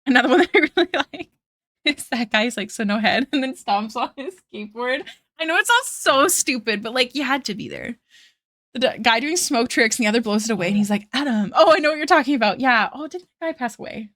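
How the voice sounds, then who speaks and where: A woman's voice: on the high side, expressive, fast, fairly bright tone, no echo, studio quality. A woman in her thirties streaming while she draws, chatting casually and rambling, laughing often and quoting memes in put-on voices. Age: 30s. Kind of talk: casual livestream chat while drawing.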